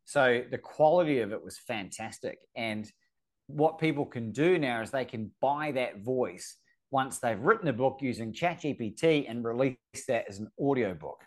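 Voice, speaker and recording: Kiwi guy hosting a video call, chatty, keeps tripping and restarting, middle pitch. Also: lively intonation, moderate pace. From New Zealand. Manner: chatty, stumbles and restarts often. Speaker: host. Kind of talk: casual video-call conversation.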